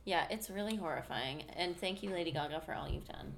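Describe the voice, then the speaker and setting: A woman co-hosting a podcast in casual chat, chiming in with quick agreement and joking asides. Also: on the low side, vocal fry, very noisy. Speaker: podcast co-host.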